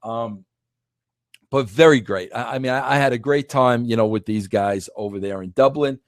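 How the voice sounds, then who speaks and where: A man's voice: mid-range voice, normal speed, dry recording. A middle-aged man hosting a podcast, telling a long casual story with many restarts and emphatic repeats. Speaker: podcast host.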